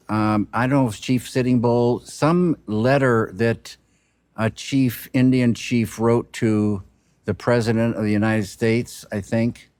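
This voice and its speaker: A male film director reflects in an interview, soft-spoken and halting, restarting often and letting sentences trail off into pauses. His voice is mid-range, and the studio-quality recording has no echo.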